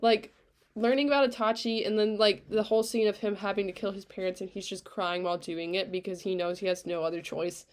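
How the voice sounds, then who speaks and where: A woman co-hosting a casual podcast, talking in an animated way, swearing freely, often trailing off and starting over. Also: medium pitch, a little fast. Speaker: podcast co-host. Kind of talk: casual chat.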